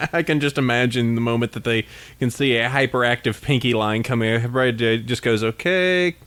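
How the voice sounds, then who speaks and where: A man's voice: mid-range voice, a little fast, clear, resonant tone. Laid-back man hosting a podcast. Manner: laughing, animated, reads listener emails aloud. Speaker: podcast host. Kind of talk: casual podcast chat.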